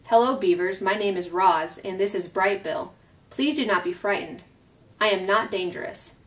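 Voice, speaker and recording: A woman voicing a calm, polite female robot who speaks in flat, formal phrases. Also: medium pitch, moderate pace, distant mic, lightly acted. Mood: earnest.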